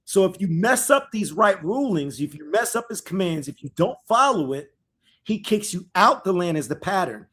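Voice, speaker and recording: A man hosting a live scripture study discussion. He reads verses slowly and calls out to listeners as "y'all," repeating his phrases as he teaches. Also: high-pitched, expressive, slightly rough.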